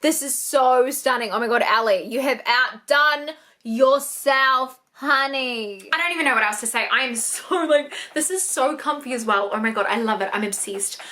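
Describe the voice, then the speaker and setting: A young woman in an unboxing vlog, gushing and excitable, swearing often as she opens gifts. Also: sits high, moderate pace. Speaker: YouTuber.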